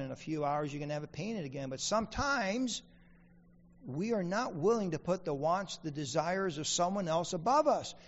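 A man's voice: a little high, gravelly, long reverb tail, lo-fi sound. A man preaching a sermon as pastor, asking the congregation questions and repeating key lines for emphasis. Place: church sanctuary.

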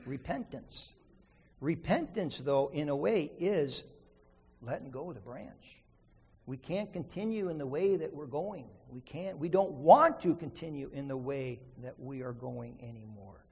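A man's voice: fairly high pitch, animated, a little slow, darkish tone, slightly rough, long reverb tail. A man preaching an earnest sermon, telling a story and then teaching from scripture with emphasis. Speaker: pastor.

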